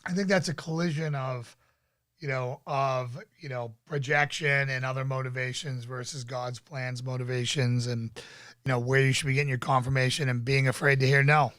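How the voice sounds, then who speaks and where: A man's voice: mid-range voice, fairly even intonation, moderate pace, a bit bright, no echo. Laid-back man host, dry mic. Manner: laid-back, rambling, many fillers. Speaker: podcast host. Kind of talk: casual live-stream chat.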